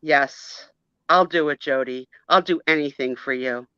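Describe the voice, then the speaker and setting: A woman's voice: extremely low pitch, a little slow, sharp tone, smooth, no echo, dull audio, voice pushed down, heavily acted. A woman voicing an eager, sleepy schoolgirl who agrees to everything.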